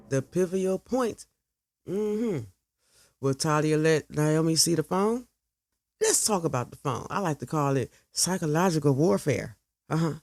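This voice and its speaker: Brief: woman host narrating a story, sassy and profane with asides, slow delivery, dry close sound. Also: low voice, a little mellow, no echo. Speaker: podcast host.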